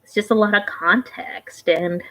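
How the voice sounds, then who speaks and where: A woman's voice: medium pitch, fairly even intonation, measured pace, pushed and bright, low-quality recording. A woman vlogger giving casual reaction commentary, rambling and conversational, often trailing off and restarting her thoughts.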